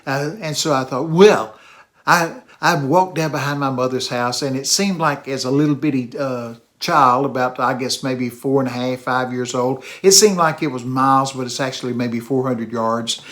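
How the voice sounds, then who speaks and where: A man's voice: medium pitch, moderate pace. An older man with an East Texas accent, preaching through a childhood story and acting out the voices in it. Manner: animated storytelling, acts out voices. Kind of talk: sermon storytelling.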